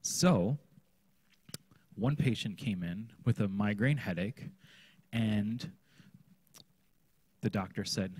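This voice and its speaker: A man's voice: on the low side, slow, long pauses, darkish tone, slightly rough, dry recording. A man, a children's pastor, teaching a workshop session in a conversational way, often checking in with his listeners. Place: conference room.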